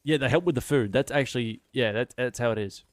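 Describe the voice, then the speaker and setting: A young man chatting casually while streaming a game, rambling and swearing with animated wonder. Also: medium pitch, quick pace, dry recording. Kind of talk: casual chat while gaming.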